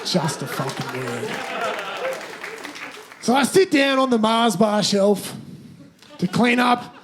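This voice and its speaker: A man's voice: high-pitched, very animated, takes it slowly, crowd noise, background noise, heavily acted. A man playing a crude, brash young Australian bloke on stage, swearing a lot and laughing at his own jokes. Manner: sweary, blustering, breaks to laugh. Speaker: stand-up comedian in character. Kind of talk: stand-up character storytelling. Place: theatre stage.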